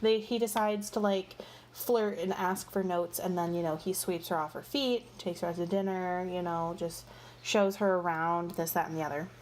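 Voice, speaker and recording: A woman's voice: on the low side, steady tone, normal speed, a little mellow, slight background noise. A woman casually retelling a book series in a rambling, gossipy way, full of fillers like "like" and "you know.". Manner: exasperated, gossipy storytelling. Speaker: book reviewer. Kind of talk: casual chatty book review.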